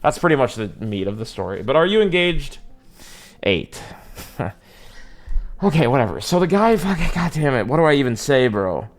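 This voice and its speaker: Young male streamer, lively pitch, rambling casual storytelling with slang and swearing. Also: a little fast. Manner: rambling, profane, slangy, lots of filler.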